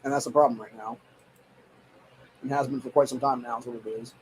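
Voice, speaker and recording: A man's voice: medium pitch, fairly even intonation, brisk, a little hiss or hum, rough recording. A man hosting a show, ranting in a heated, profane, rambling way and saying "dude" often. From United States. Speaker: show host. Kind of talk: casual political rant.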